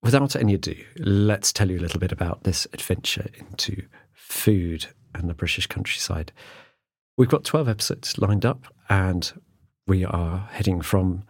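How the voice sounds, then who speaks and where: A man's voice: low-pitched, normal speed, husky, no echo. A man hosting a podcast in a studio, chatty and self-mocking, laughing often. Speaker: podcast host. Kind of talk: casual studio chat.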